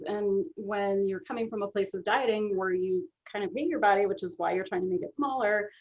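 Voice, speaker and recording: A woman's voice: mid-range voice, normal speed, hardly any pauses, lo-fi sound. A middle-aged woman speaking as an interview guest, earnest and conversational, often checking in with "right?" and filler ums. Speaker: guest, author and business owner.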